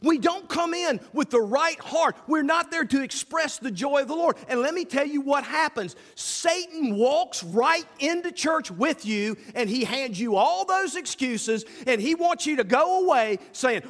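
A male pastor with a drawl preaches in a folksy, lively style, his fairly high voice leaping up and down in pitch. The sound carries a long church reverb. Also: measured pace, hardly any pauses. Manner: folksy, animated preaching with acted-out asides. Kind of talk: sermon. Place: church sanctuary.

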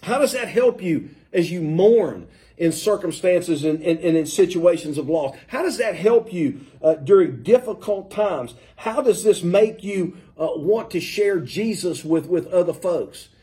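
A man preaching a sermon, talking through scripture in an easygoing, conversational way. His voice sits high for a man but has a dark, mellow tone. He stumbles over fillers and restarts as he goes. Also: animated, measured pace.

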